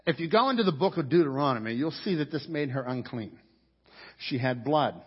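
A man's voice: a little high, lively intonation, a little fast, breathy edge. A man preaching a sermon as pastor, earnest and urging, often restarting his phrases. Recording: dull sound with long hall reverb.

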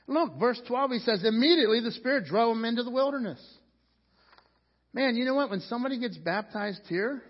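A man's voice: high-pitched, lively intonation, brisk, breathy edge. A male pastor preaching a sermon in a church, talking in a loose conversational way and restarting his sentences often. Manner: conversational, repeats words when starting sentences. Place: church sanctuary. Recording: dull sound, long reverb of a church hall.

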